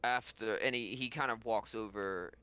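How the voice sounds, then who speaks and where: A man narrating as game master in a tabletop role-playing game, talking slowly with halting restarts. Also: on the low side, bright, forceful tone, smooth, highs cut off.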